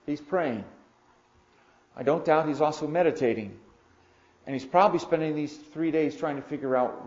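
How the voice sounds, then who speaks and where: A man preaching a sermon in an earnest way, with loud emphatic moments and quiet asides. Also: on the high side, moderate pace, pauses often, a little hiss or hum. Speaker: pastor. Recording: echoey room, dull lo-fi sound.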